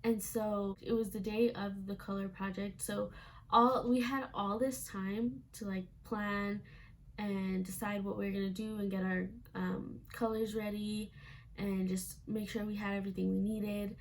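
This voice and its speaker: A young woman tells a casual storytime vlog at home, chatty and sprinkled with "like" fillers as she acts out what people said. Her voice carries plenty of vocal fry, and a faint hiss sits behind it. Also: mid-range voice, flat delivery, measured pace. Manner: chatty, frequent "like" fillers, acts out quoted lines. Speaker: vlogger.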